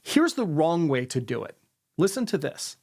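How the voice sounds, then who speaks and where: A man's voice: sing-song, normal speed, vocal fry, a little mellow. A man teaching sales influence techniques to camera, who often tags his sentences with "right?" and ends them on a falling note. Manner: demonstrates intonation, ends sentences on a lower note. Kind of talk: instructional talk to camera.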